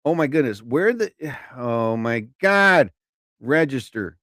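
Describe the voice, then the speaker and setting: A man hosts a live comedy stream, rambling through an animated monologue and laughing at his own jokes. His fairly high voice moves in wide swings of pitch, and he keeps a measured pace. The recording is close and dry, with no room sound at all.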